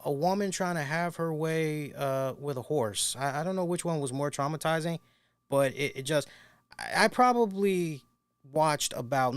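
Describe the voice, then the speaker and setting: A man's voice: a little high, clean tone, no room sound. A middle-aged man hosting a wrestling review, telling loose, crude, laughing stories in casual chat. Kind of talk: casual profane storytelling.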